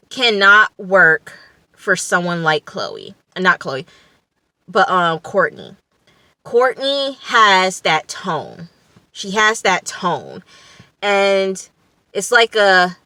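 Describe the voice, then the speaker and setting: A woman's voice: lowish voice, bright, forceful tone, dry recording. A woman recapping a reality TV episode in a casual vlog, blunt, profane and opinionated, with plenty of fillers. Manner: chatty with frequent fillers. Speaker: TV reality show reviewer.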